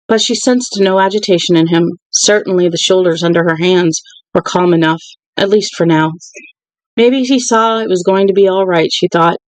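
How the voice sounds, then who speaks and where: A reader narrating a novel aloud in an even, unhurried way, with occasional restarts. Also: medium pitch, no room sound, low-quality recording. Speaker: audiobook reader.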